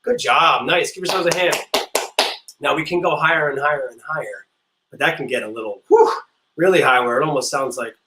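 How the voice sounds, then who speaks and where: A man teaching a music class, playful and encouraging, leading silly vocal warm-ups and singing notes to demonstrate. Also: fairly high pitch, a little fast, roomy sound, a little hiss or hum, poor audio. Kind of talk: online music class for kids.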